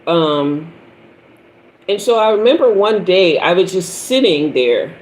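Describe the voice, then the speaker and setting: A woman's voice: low voice, low-quality recording. A woman in her fifties, a tarot reader and spiritual teacher, preaching and telling stories on a livestream with lots of repetition for emphasis. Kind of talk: livestream talk.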